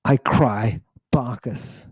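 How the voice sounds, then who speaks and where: A man's voice: mid-range voice, very slow, darkish tone, slightly rough, no room sound. A man giving an impassioned lecture on ancient texts. He talks emphatically, repeats his phrases and keeps checking with "right?".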